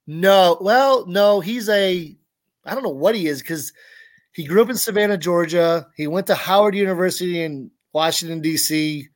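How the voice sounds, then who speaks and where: A man's voice: high voice, moderate pace, no room sound. Rambling male podcast guest. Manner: rambling, with many restarts and asides. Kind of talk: casual chat.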